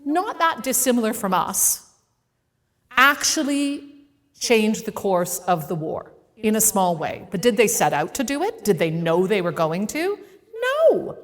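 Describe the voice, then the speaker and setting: A woman speaker telling a personal story to a live audience in a playful, animated way, acting out the voices in it. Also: mid-range voice, measured pace, big-room sound. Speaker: keynote speaker. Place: event venue with a live audience.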